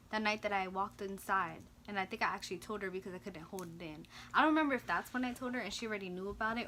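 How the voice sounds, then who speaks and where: A young woman casually telling a storytime vlog, swinging from loud, high-pitched reenactments to quiet mumbling. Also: slight background noise. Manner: animated, swings into loud high-pitched retellings of quoted lines; drops to quiet, low mumbling in reflective parts. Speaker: vlogger.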